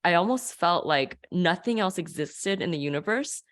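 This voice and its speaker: A woman's voice: fairly low pitch, expressive, moderate pace, a bit bright. A woman guest telling an earnest, emotional personal story of faith, with frequent restarts.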